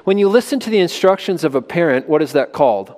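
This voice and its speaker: A man's voice: a little high, expressive, quick pace, darkish tone. A man preaching a sermon to children in an emphatic way, often putting questions to them. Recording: long reverb of a large hall.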